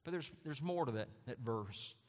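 A male pastor delivers a fervent sermon in a church sanctuary, his mid-range voice carrying a long reverb tail. He repeats key phrases and climbs into loud, soaring emphasis. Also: expressive, moderate pace. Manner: impassioned preaching, repeating phrases, rising to loud high emphasis.

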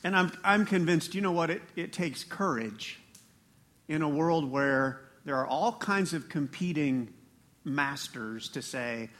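A man preaching a sermon as pastor, animated, with laughing asides and rising emphasis. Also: fairly high pitch, a little slow.

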